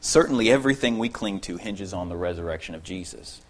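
A man preaching an expository sermon to his congregation, earnest and emphatic, repeating key phrases and dropping to quiet asides. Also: deep voice, animated, quick pace.

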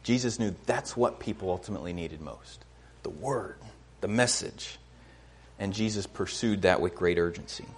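A man preaching a sermon in an earnest way, often repeating words as he starts a phrase and rising in pitch to stress a point. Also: moderate pace, a little hiss or hum.

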